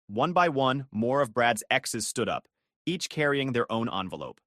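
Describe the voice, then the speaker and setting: A man relishes telling a first-person drama story like juicy gossip, his pitch swinging widely from phrase to phrase. His tone is fairly bright, his pace normal, and the recording close and dry with no echo.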